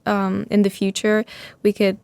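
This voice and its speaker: A young woman speaking as an interview guest, soft-spoken and halting, searching for her words. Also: medium pitch, monotone, gravelly, clear, resonant tone, dry recording. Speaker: musician guest. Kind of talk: casual interview chat.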